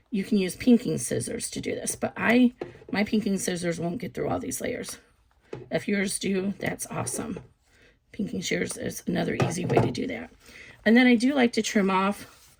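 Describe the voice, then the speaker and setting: A woman casually explaining a sewing project step by step, relaxed and chatty with frequent ums. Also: medium pitch, vocal fry, slight background noise. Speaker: sewing instructor. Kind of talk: casual craft tutorial.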